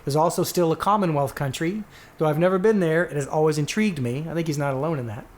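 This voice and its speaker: A man's voice: on the high side, fast. A man co-hosting a podcast, chatting casually and reading out listener answers, rambling and correcting himself as he goes. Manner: rambling, self-correcting, reads quotes aloud. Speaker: podcast co-host.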